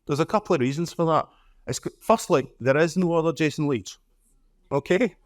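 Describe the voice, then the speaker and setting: A man's voice: on the high side, brisk, no echo, studio quality. A middle-aged man with a Scottish accent giving a conference talk. He tells stories in a chatty, humorous way and often tags his lines with "okay?". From Scotland. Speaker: conference speaker.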